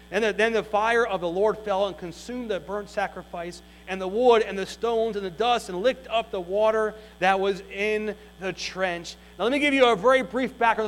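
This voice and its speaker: A man with a rather high voice preaches, moving between scripture reading and a folksy, animated retelling full of casual asides. He talks like a pastor working through a story for his congregation. A low mains hum runs underneath the recording. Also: low-quality recording. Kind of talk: sermon.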